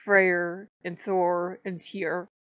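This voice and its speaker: A woman's voice: lowish voice, level tone, drawn-out words. A woman in a personal spiritual vlog who rambles emotionally and laughs often. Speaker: spiritual vlogger. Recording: dull lo-fi, dry.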